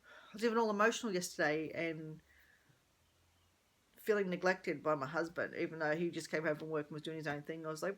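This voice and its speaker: A woman's voice: sits low, brisk, a bit bright. A middle-aged woman talking candidly in a rambling personal vlog, thinking aloud and correcting herself as she goes. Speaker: vlogger.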